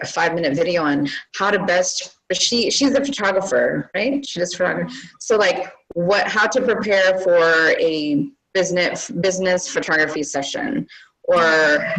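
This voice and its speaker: A woman with a low-pitched voice, the guest expert on an online webinar. She explains casually and relaxedly, her speech peppered with fillers. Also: fairly bright tone, poor audio.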